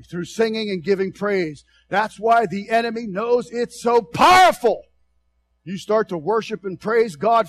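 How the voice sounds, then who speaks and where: A man preaching a sermon, dropping to low, quiet asides and then rising to loud, shouted exhortation.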